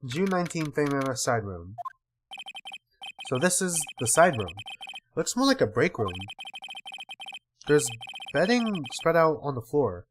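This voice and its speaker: A man's voice: fairly high pitch, big pitch swings, unhurried, pauses often, slight background noise. A man casually reading game dialogue aloud with wry asides while playing. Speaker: let's-player.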